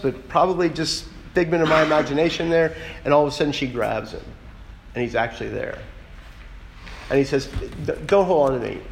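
A man's voice: a little high, slight background noise, rough recording. A man preaching a conversational sermon as a pastor, speaking earnestly and directly and often putting questions to his listeners.

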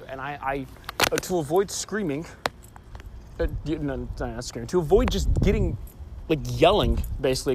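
Agitated young man ranting outdoors. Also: fairly high pitch. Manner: agitated, swearing, rambling with restarts. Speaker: vlogger. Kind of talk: casual storytelling rant. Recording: noisy street background.

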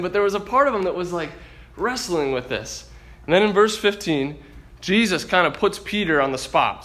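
A man's voice: high voice, a bit bright. A man teaching through a Bible passage in a conversational way, reading scripture aloud and voicing the disciples' thoughts. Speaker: preacher.

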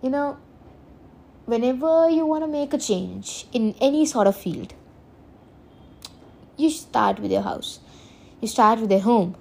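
A woman's voice: fairly high pitch, animated, a little slow, creaky, long pauses, darkish tone. A woman hosting a solo podcast, rambling earnestly, often correcting herself and laughing. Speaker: podcast host. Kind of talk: casual solo podcast monologue.

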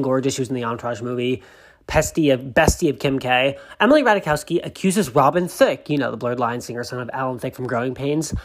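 A man hosting a celebrity news show, chatty and gushing, reading out news stories with many asides. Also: medium pitch. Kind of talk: casual gossip commentary, reading news aloud.

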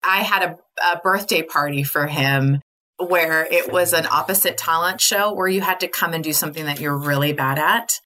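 A woman's voice: deep voice, normal speed, pushed and bright, a little hiss or hum. A middle-aged woman, a podcast guest, telling her family story in candid conversation and often laughing. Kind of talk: casual interview conversation.

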